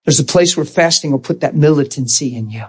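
A man preaching a sermon, telling a personal story with lively, acted-out dialogue and easy self-deprecating humor. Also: fairly high pitch, brisk, breathy edge. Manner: animated storytelling, acting out dialogue and laughing at himself.

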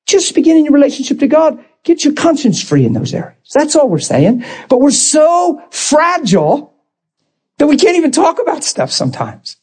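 A man preaching a sermon as a pastor, moving between calm talk and emotional shouting. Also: very high-pitched, moderate pace.

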